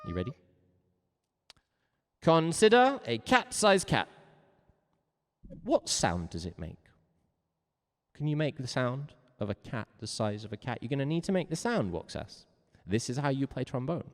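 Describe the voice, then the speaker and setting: A man's voice: medium pitch, big pitch swings, measured pace, pauses often, in a large hall. A man teaching a music lesson during a livestreamed game, theatrical, jokey and mock-stern.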